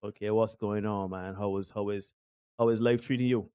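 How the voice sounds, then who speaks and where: Guy hosting a live podcast, hyped greetings, shouting out viewers, dry mic. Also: on the low side, normal speed, smooth, no echo. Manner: lively, repeats greetings and shout-outs. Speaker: podcast host. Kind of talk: casual live-stream chat.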